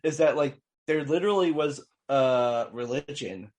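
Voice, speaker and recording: Unhurried and medium-pitched, a man co-hosting a podcast chats casually about a movie. His talk rambles, full of fillers and restarts.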